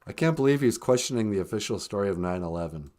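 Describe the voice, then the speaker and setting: A man hosting a comedy podcast, dropping low deadpan asides. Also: quick pace. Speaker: podcast host.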